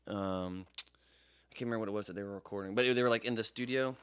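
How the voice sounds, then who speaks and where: A man's voice: on the low side, fast, fairly bright tone, clean tone. A young man from Jacksonville, Florida, co-hosting a podcast in casual chat, rambling and swearing freely. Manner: profane, rambling storyteller. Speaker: podcast co-host.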